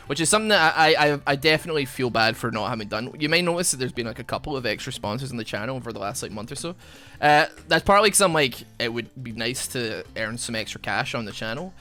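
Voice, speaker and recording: Lively, bright-voiced rambling gamer guy. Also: medium pitch. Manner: rambling storyteller, many fillers; animated, bursts of laughter. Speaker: gaming YouTuber. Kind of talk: casual chat over gameplay.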